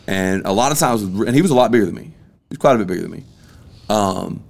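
A man's voice: on the low side, animated, fast, gravelly, a little mellow. Blunt man telling a story. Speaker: podcast host. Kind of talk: casual podcast chat.

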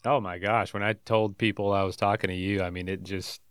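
A man with a smooth, resonant, fairly low voice hosts an interview. He thinks aloud in halting, restarting questions. The sound is dry and close. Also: level tone, a bit bright, no room sound. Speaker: interviewer, podcast host.

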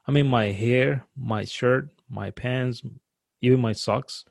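A man who grew up outside the US, earnestly recounting a frightening personal experience as a guest, in a halting way that repeats words and restarts. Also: medium pitch, gravelly, darkish tone, no echo. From outside the US, now lives in the US. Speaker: guest telling a personal story.

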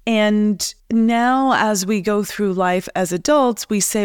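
A woman coach giving a slow, reflective motivational talk, speaking straight to the listener. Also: mid-range voice, clean tone, dry recording, studio quality.

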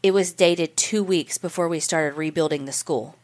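A woman voicing a rasping, snappish old great-uncle. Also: low-pitched, normal speed, darkish tone, natural voice. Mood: gruff. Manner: rasping, curt. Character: gruff, snappish great-uncle, an older man.

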